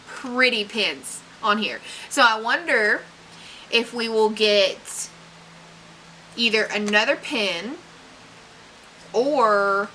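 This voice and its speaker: This young book vlogger's mid-range voice sounds pushed and bright as she casually unboxes her books, gushing, using fillers, laughing a little, and reading blurbs aloud. The low-quality recording carries a slight hiss or hum.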